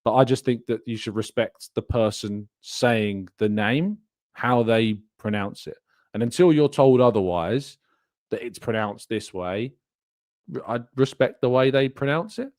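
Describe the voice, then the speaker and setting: A man's voice: medium pitch, unhurried, darkish tone, no room sound. Chatty man, dry close sound. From England. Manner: chatty, rambling, laughs often. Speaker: podcast host. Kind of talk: live-stream chat, reading viewer comments.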